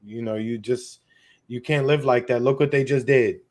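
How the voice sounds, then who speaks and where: A man's voice: mid-range voice, steady tone, moderate pace, darkish tone. A man co-hosting a political podcast, speaking bluntly in casual slang with a sarcastic edge. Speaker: podcast co-host.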